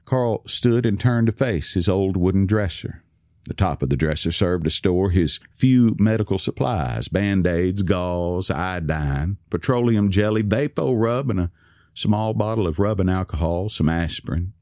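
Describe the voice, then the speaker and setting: A man narrating a story in a calm, measured reading. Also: sits low, no echo, clean studio sound. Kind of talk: scripted narration.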